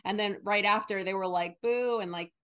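A woman in her thirties from the northern United States, co-hosting a casual chat, animated and acting out quotes in exaggerated voices. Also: medium pitch, moderate pace, clean tone. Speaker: podcast co-host.

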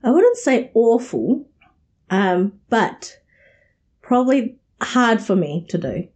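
A woman who is a podcast guest, chatting casually and soft-spoken, with many short agreeing replies. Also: a little high, big pitch swings, slow pace. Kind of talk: casual chat.

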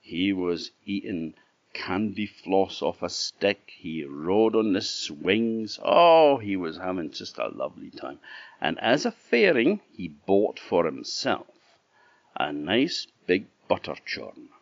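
A man with an Orkney Scottish accent telling a folk tale in a lively, expressive way. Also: low-pitched, slow, vocal fry, no room sound. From Orkney, Scotland. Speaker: storyteller. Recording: dull dry lo-fi recording.

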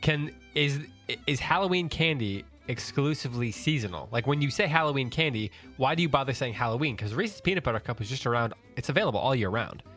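A man hosting a podcast in casual chat, joking and pausing over his questions. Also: mid-range voice, expressive, a bit bright, soft background music. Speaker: podcast host.

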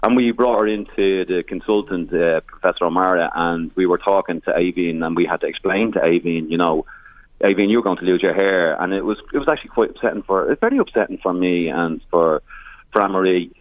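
A man's voice: deep voice, brisk, no room sound. An Irish man, a charity founder, telling stories in a radio interview with many restarts and some emotion. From Ireland. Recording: tinny phone line.

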